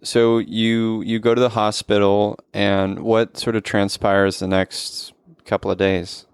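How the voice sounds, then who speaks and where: A man's voice: on the low side, flat delivery, measured pace, clear, resonant tone, no room sound, studio quality. A man hosting a podcast interview, giving short, supportive replies and questions. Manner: brief, supportive back-channel replies. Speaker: podcast host.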